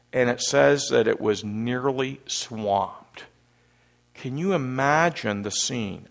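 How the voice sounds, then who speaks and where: Animated pastor with a gravelly voice. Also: male voice, medium pitch. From Canada. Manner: animated storyteller, acts out panicked disciples loudly. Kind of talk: sermon.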